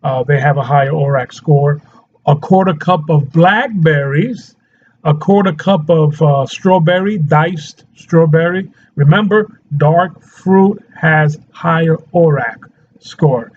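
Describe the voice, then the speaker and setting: Chatty man with a higher voice. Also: slow pace, darkish tone, lo-fi sound, a little hiss or hum. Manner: chatty, laughs often, keeps checking in with "okay?". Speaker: nutrition coach. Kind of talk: casual health talk to camera.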